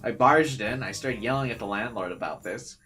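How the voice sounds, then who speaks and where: A young man telling a personal story in a casual stream chat, animated and full of fillers and swearing. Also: medium pitch, fairly quick, soft background music.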